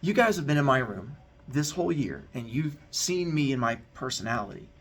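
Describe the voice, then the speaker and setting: A man's voice: medium pitch, very animated, a little fast, husky. A male teacher giving a heartfelt, candid talk to his students, telling a personal story in an earnest way.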